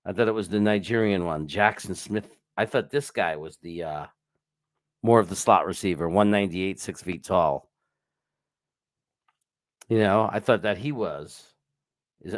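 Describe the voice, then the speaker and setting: A man's voice: fairly low pitch, dry recording, clean studio sound. A man hosting a live stream, chatting casually and rambling as he greets viewers by name and swears now and then. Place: home setup with screens.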